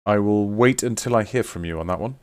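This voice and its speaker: A man's voice: lowish voice, brisk, clean tone, dry recording. A man chatting casually with viewers on a live stream while signing autographs, teasing and reading out names.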